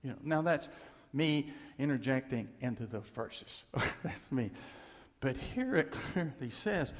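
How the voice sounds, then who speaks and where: A male preacher delivering a sermon, swinging from loud emphasis to hushed near-whispers and acting out quoted voices. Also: medium pitch, lively intonation, takes it slowly. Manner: acts out voices of doubters and God in quotes. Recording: long hall reverb.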